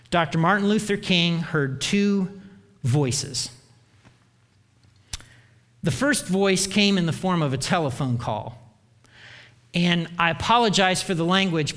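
A man preaching a sermon as pastor, earnest, often letting his voice sink low at the end of a key phrase. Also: a bit bright. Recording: long reverb of a large hall.

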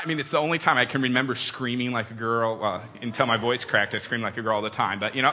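A man in his thirties giving a humorous storytelling talk to an audience, animated and acting out quoted voices. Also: medium pitch, quick pace, few pauses. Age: 30s. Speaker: speaker addressing an audience. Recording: long hall reverb.

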